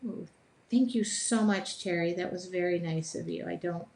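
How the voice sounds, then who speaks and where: A woman's voice: on the low side, normal speed, vocal fry, darkish tone. A woman hosting a live drawing session from her art studio, chatting in an upbeat, self-deprecating way while she draws. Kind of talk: casual live demonstration.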